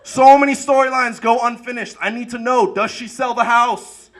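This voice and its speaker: Bright high-voiced male stand-up comic. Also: moderate pace. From Arab American. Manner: energetic punchline delivery, shouts at peaks. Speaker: stand-up comedian. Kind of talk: stand-up comedy set. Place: comedy club stage with audience.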